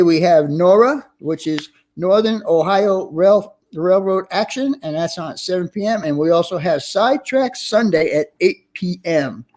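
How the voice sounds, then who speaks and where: A man's voice: high-pitched, a little mellow. A man hosting a casual livestream, chatty and reading out viewer names with friendly greetings. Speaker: livestream host.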